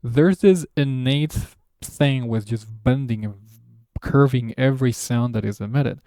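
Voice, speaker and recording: A man whose first language is Spanish, teaching a casual video lesson and dropping joking, sarcastic asides. His voice is gravelly and mellow. The recording is dry and close. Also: mid-range voice, a little slow, no room sound. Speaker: language teacher and channel host.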